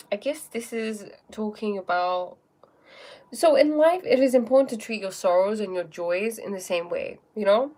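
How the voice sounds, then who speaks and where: A woman's voice: mid-range voice, animated, normal speed, mellow. A woman hosting a casual spiritual self-help livestream from her phone, thinking aloud with many fillers and restarts and chatting directly with viewers about their comments. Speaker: livestream host answering viewer questions.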